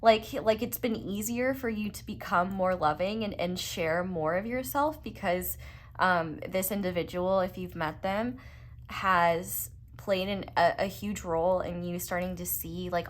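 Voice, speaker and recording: A young woman, doing a casual, rambling tarot reading full of fillers and earnest asides. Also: fairly low pitch. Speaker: tarot reader.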